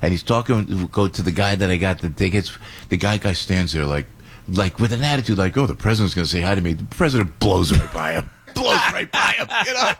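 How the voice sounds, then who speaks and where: A middle-aged man, hosting a radio show and telling a rambling, excitable story. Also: sits low, moderate pace, husky. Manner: excitable, rambling, acts out other voices. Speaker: radio host.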